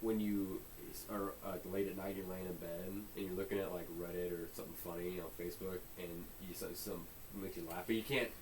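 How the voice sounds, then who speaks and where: Man, low voice, casual comedic podcast chat, acts out bits, sits back from the mic, faint hiss. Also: steady tone, a little fast, few pauses, distant mic, poor audio. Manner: joking, acts out little scenes in muttered voices. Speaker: podcast co-host.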